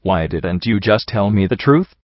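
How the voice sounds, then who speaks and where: A man voicing a weary, soft-hearted female pony heroine in an even, gentle voice. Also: fairly low pitch, moderate pace, no echo, natural voice. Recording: dry, slightly dull home recording.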